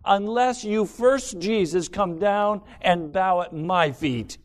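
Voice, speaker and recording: A man's voice: high-pitched, takes it slowly. A man preaching a sermon gives voice to self-love as a stubborn, demanding figure that scoffs and bargains. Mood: haughty. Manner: scornful, bargaining.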